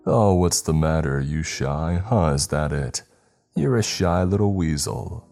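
Man doing a taunting sinister entity, childish growly voice, very deep, dark tone, faint music behind. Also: lively intonation, measured pace, heavily acted. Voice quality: growly, mocking.

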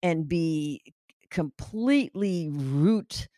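A woman from Chicago chatting casually on a podcast, animated and teasing, talking fast. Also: low voice, dry recording, studio quality. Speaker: co-host, political commentator's wife. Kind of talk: casual chat.

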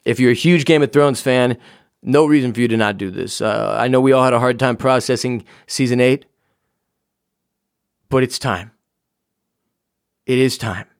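Wrapping up his solo podcast from a home office, a man rambles jokingly and swears a lot in a casual outro. He speaks at medium pitch and a moderate pace, with long pauses and a smooth voice. The audio is studio quality, with no room sound.

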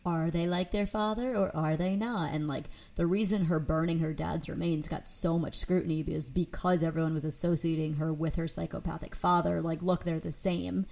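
A woman co-hosting a casual book club podcast, animated and opinionated. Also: fairly low pitch, moderate pace, gravelly, few pauses. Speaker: podcast co-host.

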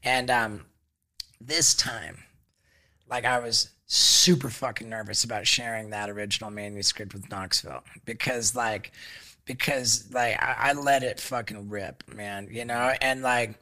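Man, podcast guest, very sharp tense timbre, mid-range pitch, halting, restarts, swears freely, casual storytelling. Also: fairly even intonation. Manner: halting, stacks fillers and restarts.

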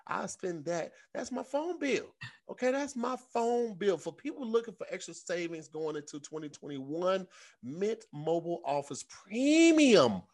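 A man co-hosting a comedy podcast, talking in an animated, slangy way and reading an ad casually. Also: high voice, measured pace. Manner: animated, slangy, repeats words for comic effect. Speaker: podcast co-host. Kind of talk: casual chat and host-read ad.

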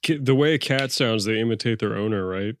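A man's voice: on the low side, fairly quick, slight background noise. A man in casual podcast chat, explaining things hesitantly and stumbling over his words. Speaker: podcast co-host.

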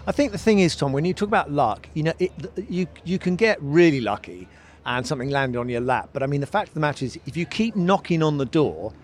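A man chatting on a podcast as a pundit, halting with frequent restarts. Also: fairly high pitch, very animated, slight background noise. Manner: halting, restarts often, chuckles between thoughts. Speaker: pundit and former driver. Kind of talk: casual podcast chat.

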